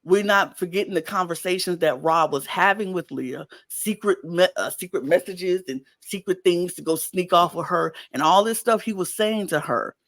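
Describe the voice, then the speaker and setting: A woman's voice: lowish voice, normal speed, few pauses. A woman co-hosting a casual podcast, recapping a reality show and acting out quotes in raised voices. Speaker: podcast co-host.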